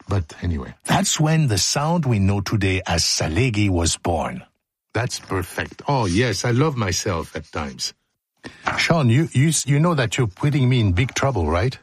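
A man's voice: fairly low pitch, slightly rough, no echo. A man hosting a radio show, reading his script and joking through outtakes in a playful, self-mocking way from a studio microphone. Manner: jokey, self-mocking, breaks off mid-line. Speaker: radio host.

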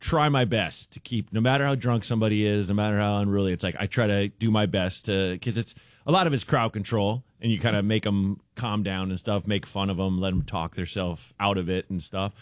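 A man's voice: fairly low pitch, a little fast, no room sound, studio quality. A man, a comedian guest on a radio show, telling a story with lots of laughter.

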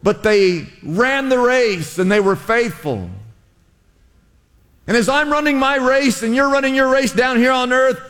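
A man's voice: very high voice, a little slow, a bit bright, in a large hall. A male pastor preaching a sermon in a church, with impassioned exhortations and lots of repetition.

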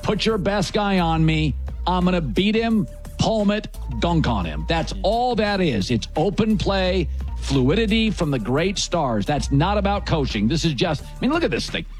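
Man, sports talk host, blunt and emphatic, high voice, very animated pitch. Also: moderate pace, soft background music.

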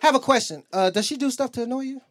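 A man's voice: very high voice, quick pace, background noise. A man doing a stand-up set, telling loose stories and acting out both sides of his arguments on a club stage. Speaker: stand-up comedian.

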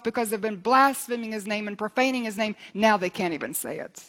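A woman's voice: mid-range voice, a little fast, a bit bright. Fervent woman preaching a sermon. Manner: earnest, fervent, rises for scripture readings.

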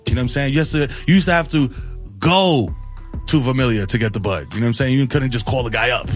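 A man, hosting morning radio and riffing in animated banter. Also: mid-range voice. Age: 40s. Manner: animated, riffing, lots of "you know what I'm saying". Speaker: radio host. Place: radio studio.

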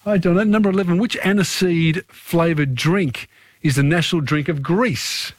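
Chatty radio quiz host. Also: male voice, on the high side, moderate pace, no room sound. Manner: chatty, takes callers one after another.

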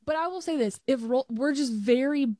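A woman's voice: sits high, moderate pace, warm tone, no echo, clean studio sound. A young adult woman co-hosting a show, telling stories in a chatty way with frequent restarts. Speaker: co-host. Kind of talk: casual chat.

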